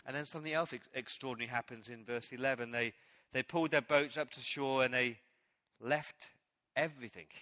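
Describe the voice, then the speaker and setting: Bright-voiced preacher, dry close sound. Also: male voice, mid-range voice, fairly quick, no room sound. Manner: animated storytelling, acting out quoted lines. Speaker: pastor. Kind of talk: sermon. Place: church.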